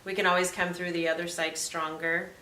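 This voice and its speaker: Lowish bright-voiced woman, upbeat faith chat, faint hiss behind. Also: level tone, brisk. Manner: reflective, upbeat, often laughing. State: recovering from a rib injury. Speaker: podcast co-host. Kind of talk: casual faith-based chat. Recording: echoey room, faint hiss.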